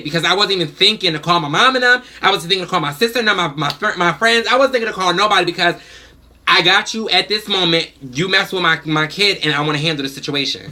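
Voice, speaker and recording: A woman telling a story to the camera in a casual vlog, talking in an animated, blunt and emphatic way. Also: lowish voice. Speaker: vlogger, mother.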